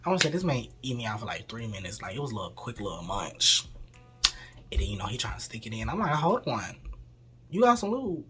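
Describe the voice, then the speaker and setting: A man's voice: on the low side, expressive, fast, sharp tone, a little hiss or hum. A young man telling a casual, candid storytime with lots of profanity, acting out the people in his story as he goes. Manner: acts out voices in the story. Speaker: vlogger.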